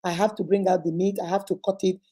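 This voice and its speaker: A woman's voice: on the low side, flat delivery, quick pace, dark tone. A woman reading a listener's letter aloud on her relationship advice show, telling it dramatically and acting out the voices in it.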